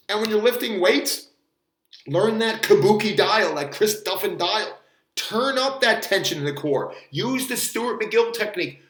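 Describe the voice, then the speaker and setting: A man's voice: high-pitched, fairly bright tone, echoey room. A man talking as a fitness coach, rambling casually and cursing now and then as he explains and demonstrates a technique. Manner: rambling, swears casually, demonstrates strained voice while bracing.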